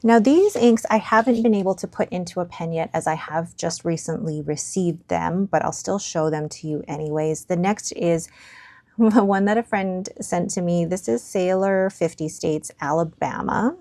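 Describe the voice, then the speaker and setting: Woman, young adult, casual review chat, mellow and a little gravelly, very dry close sound. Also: on the low side, moderate pace, dry recording. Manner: chatty, musing, drops to near whispers at times. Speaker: stationery vlogger. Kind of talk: casual ink swatch review.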